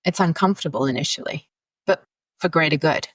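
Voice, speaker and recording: Podcast guest: a woman psychologist, lower pitch, candid storyteller, dry studio sound. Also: a little fast, no echo. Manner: candid, anecdotal, laughs often. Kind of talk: conversational podcast interview.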